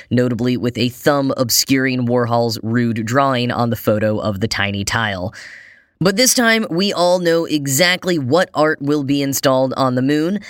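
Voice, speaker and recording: A man's voice: medium pitch, fairly bright tone, no room sound, clean studio sound. A man hosting a daily news podcast, reading scripted stories in a conversational way with wry asides; his voice is slightly strained and nasal from allergies. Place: New York.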